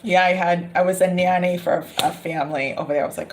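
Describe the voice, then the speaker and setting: A woman's voice: on the low side, fairly quick. A woman giving a casual tarot reading, chatting and laughing often between remarks. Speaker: tarot reader. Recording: noticeable background noise.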